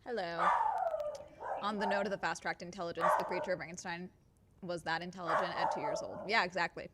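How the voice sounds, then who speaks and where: A woman's voice: lowish voice, fairly quick, very noisy. Chatty woman rambling on a stream. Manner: rambling, animated, many fillers and restarts. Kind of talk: casual livestream chat.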